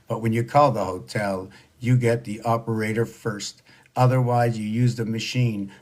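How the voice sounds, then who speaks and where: A man in his sixties giving a rambling, preachy spoken monologue full of rhetorical questions. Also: mid-range voice. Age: 60s. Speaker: social media monologuist.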